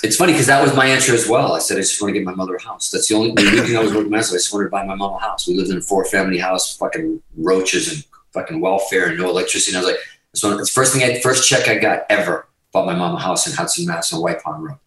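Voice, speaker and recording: Male guest, low, profane and animated storyteller, echoey room, off-mic. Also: racing. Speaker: podcast guest, musician. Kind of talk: casual storytelling. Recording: roomy, distant mic.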